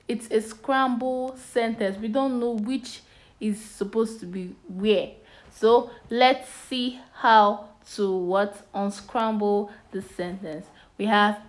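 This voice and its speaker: A woman with a Nigerian English accent teaches young children at a slow, steady pace. Her voice sits fairly high. She keeps asking "what?" and then gives the answer herself. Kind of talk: children's phonics and punctuation lesson.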